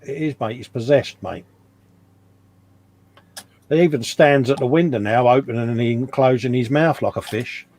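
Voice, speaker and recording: A man's voice: medium pitch, a little mellow. A man from England co-hosting a live stream, bantering casually, laughing often and calling people mate. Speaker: co-host reading live chat.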